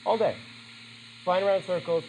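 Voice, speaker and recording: A man's voice: high voice, fairly even intonation, fairly quick, a little mellow, slight background noise, low-quality recording. A man teaching a class in a classroom, chatty and asking his students questions. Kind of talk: classroom lesson.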